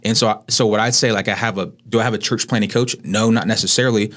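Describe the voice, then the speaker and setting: A man's voice: on the low side, fairly even intonation, fast, fairly bright tone. A man in his thirties who is a pastor, co-hosting a podcast in an earnest, casual way that often ends with "right?". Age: 30s. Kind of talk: casual conversation.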